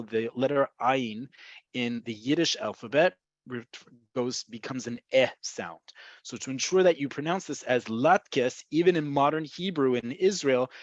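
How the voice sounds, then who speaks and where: A man's voice: medium pitch, no echo. A man teaching a Hebrew vocabulary lesson over a video call, explaining words in a chatty way with frequent ums. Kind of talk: online language lesson. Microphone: video call microphone. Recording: slightly dull lo-fi call audio.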